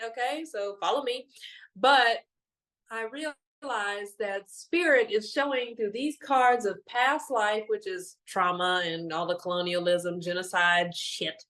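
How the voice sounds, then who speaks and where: A young woman and mother, a meditation teacher talking loosely and emotionally through a spiritual card message, full of fillers. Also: medium pitch. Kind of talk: casual spiritual talk.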